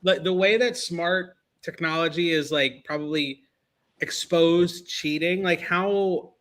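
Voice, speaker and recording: A man's voice: on the high side, takes it slowly, fairly bright tone. A man co-hosting a podcast in casual chat, rambling with lots of fillers and laughing at his own jokes.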